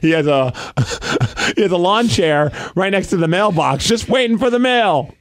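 A man co-hosting a podcast, teasing his co-host with quick jokes in casual chat. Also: high voice, lively intonation.

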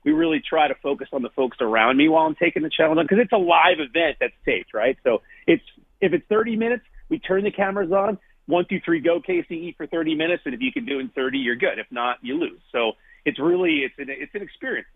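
Phone-in guest: a man from New Jersey, husky voice, slightly high, chatty and self-mocking. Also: animated, fast talker, dry recording. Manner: chatty, self-deprecating, laughs often. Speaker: food challenge TV host, guest. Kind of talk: casual interview chat. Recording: tinny phone-line call.

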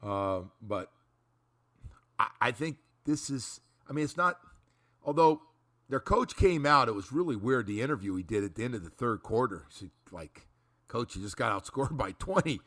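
A man hosting a sports talk radio show, talking through a game in an animated, rambling way and repeating his words. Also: mid-range voice, moderate pace.

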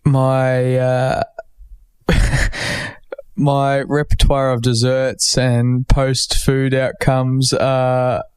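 A young man in relaxed, joking conversation on a podcast, talking easily and teasing his partner now and then. His voice is smooth and resonant at an ordinary pitch. The sound is dry and close, with no room echo. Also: drawn-out words. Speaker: podcast guest. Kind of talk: casual couple chat.

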